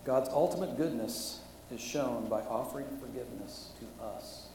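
A man's voice: medium pitch, normal speed, a little mellow, slight background noise. A middle-aged man preaching a sermon as a pastor, telling a story earnestly and holding back his emotion. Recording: echoey hall from far off, faint ambience.

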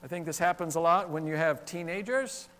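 A male pastor preaching a sermon, talking with the congregation and acting out exclaimed questions in an animated way. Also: a little high, brisk, in a large hall. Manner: animated, interacts with congregation, acts out quoted exclamations. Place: church sanctuary.

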